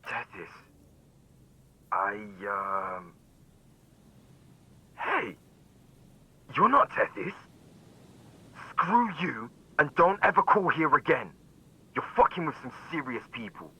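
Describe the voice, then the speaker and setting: A man's voice: deep voice, fairly even intonation, extremely slow, long pauses, sharp tone, full character voice. An actor voicing a hostile, defensive man in debt, snapping down the phone.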